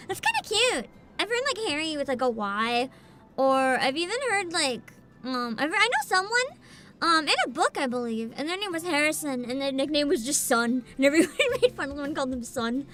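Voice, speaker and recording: A woman's voice: sits high, pushed and bright. A young woman streaming a story game, chatting casually and playfully with her viewers and giggling often. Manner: giggly, playful, talks to chat. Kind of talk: casual livestream chat. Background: faint game music.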